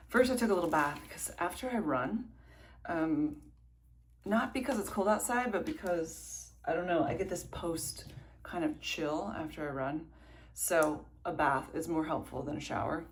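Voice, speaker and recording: A woman in her thirties talks to the camera in a loose, chatty way, circling back and fixing her own words. Her voice sits low for a woman. A faint hiss of noise runs under the recording. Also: unhurried. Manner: chatty, rambling, self-correcting. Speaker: vlogger. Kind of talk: casual vlog chat. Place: home indoors, then outdoors at a race.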